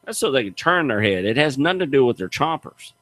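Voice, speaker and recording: A man's voice: medium pitch, fast talker, no room sound. A middle-aged man hosting a radio show, telling stories in a folksy, emphatic way. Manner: animated storyteller, folksy and emphatic. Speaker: radio show host, gator hunter. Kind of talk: casual radio chat, storytelling.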